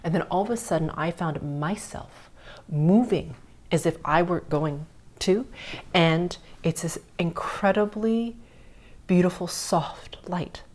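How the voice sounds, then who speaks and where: Low-voiced woman telling a spiritual story. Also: slow. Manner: earnest, drops to soft whispers at tender moments. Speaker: podcast host. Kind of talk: personal storytelling on a spiritual podcast.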